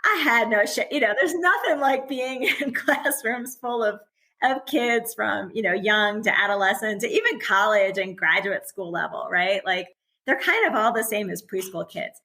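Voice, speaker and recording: A woman's voice: medium pitch, moderate pace, sharp tone. A middle-aged woman speaks as a guest in a casual podcast conversation. She is candid and chatty, and laughter runs through her talk. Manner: chatty and candid, laughs often while talking.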